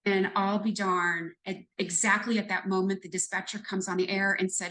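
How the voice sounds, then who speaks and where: Woman, 50s, retired police lieutenant, guest; earnest, reflective storyteller, mid-pitched voice. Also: little pitch movement, normal speed, few pauses, a bit bright, rough recording. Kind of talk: conversational storytelling in a podcast interview.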